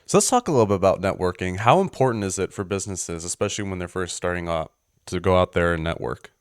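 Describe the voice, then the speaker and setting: A man's voice: sits low, lively intonation, fast, clean tone, no room sound, studio quality. A man interviewing a guest on a podcast, asking short, direct questions.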